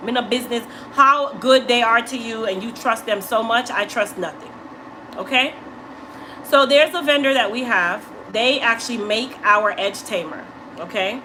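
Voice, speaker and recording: A woman's voice: on the high side, background noise. A woman who owns a hair care business, telling viewers a story in an assertive, emphatic manner and often checking in with "okay?".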